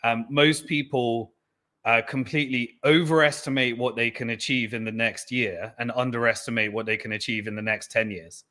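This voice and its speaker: A man being interviewed, talking earnestly and filling his pauses with "um". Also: mid-range voice, steady tone, sharp tone. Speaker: interview guest. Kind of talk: candid interview talk.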